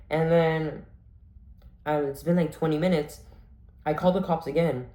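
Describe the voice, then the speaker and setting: A man's voice: a little high, steady tone, moderate pace, pauses often, warm tone. A man casually telling a storytime vlog, rambling breathlessly and filling his sentences with "like". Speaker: vlogger. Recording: echoey room.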